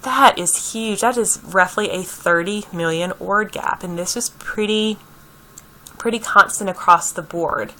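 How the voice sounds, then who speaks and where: A woman's voice: mid-range voice, pushed and bright, poor audio. A woman giving a conversational lecture on early childhood, repeating key points and checking in with her listeners.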